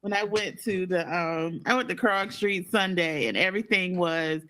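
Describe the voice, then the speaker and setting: A man's voice: sits high, normal speed, bright, forceful tone. A man co-hosting a podcast in casual chat, telling stories and acting out the people in them. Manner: storytelling, acts out quoted people. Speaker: podcast co-host.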